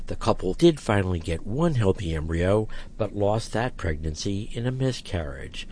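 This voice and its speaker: A man delivers a radio news report in a measured, even voice. His voice sits low. A faint noise hangs behind him.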